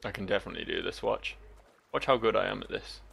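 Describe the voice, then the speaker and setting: A man's voice: fairly low pitch, fast talker, vocal fry, a bit bright, husky. A man giving joking, sweary let's play commentary over a game. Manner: joking, sweary, laughing often. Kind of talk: gameplay commentary.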